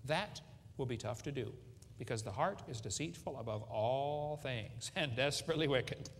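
A middle-aged creationist speaker preaches at a seminar with folksy humor, cracking jokes and putting questions to the audience. His mid-range voice is animated at a normal speed, with a little hiss or hum over hall reverb and faint ambience.

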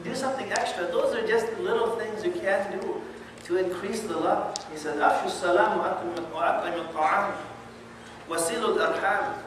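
A man's voice: high-pitched, rapid-fire. Man, religious lecture, conversational, distant mic, background noise. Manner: conversational, animated, asks the audience questions. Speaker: Islamic lecturer. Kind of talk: sermon. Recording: echoey hall from far off, noisy.

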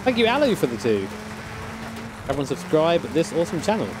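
A man's voice: a little high, very animated, fairly quick, music in the background. A man casually chatting with his live-stream chat, joking and swearing as he plays a racing game. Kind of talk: live-stream gaming commentary. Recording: game car noise behind. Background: racing game engine sounds.

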